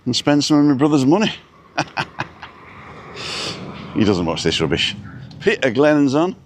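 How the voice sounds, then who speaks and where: Speaking at a medium pitch and a little slowly, this middle-aged man sounds very animated as he runs a casual live stream outside with hotels in view. He wanders from topic to topic, naming viewers and tossing in brief remarks. Slight background noise comes through the camera set down before him.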